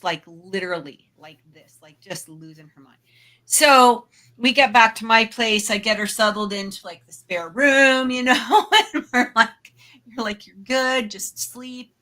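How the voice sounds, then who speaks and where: With a bright, forceful, mid-range voice, a woman co-hosting a paranormal show shares a personal story casually. Lots of fillers and asides creep in, and she laughs readily while telling it.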